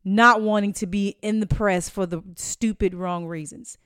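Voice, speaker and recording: A woman's voice: medium pitch, steady tone, a little slow, a bit bright, clear, resonant tone, no echo, studio quality. A young woman in a candid interview, blunt and outspoken, swearing freely and laughing often. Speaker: interview guest.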